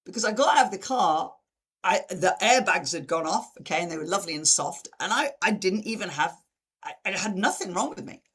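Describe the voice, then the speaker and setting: A woman's voice: fairly quick, husky. A woman giving a live online talk as presenter, over a video call, acting out quoted reactions with big sudden jumps in voice. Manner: lively, acts out dramatic quotes with big pitch jumps. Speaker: webinar presenter.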